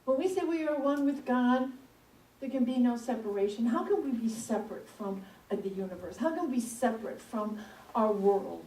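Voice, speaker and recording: A woman delivers a sermon through a lively personal anecdote, chatty and expressive. Her voice sits a touch high. She sounds set back from the mic, with the room's echo around her. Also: moderate pace. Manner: storytelling, animated and conversational. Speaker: speaker at a spiritual center. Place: church hall. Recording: echoey room, mic at a distance.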